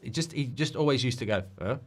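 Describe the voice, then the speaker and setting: This fast-talking man, with a voice in the middle range, is running a live football watchalong stream. He chats casually and unscripted while responding to what viewers ask for.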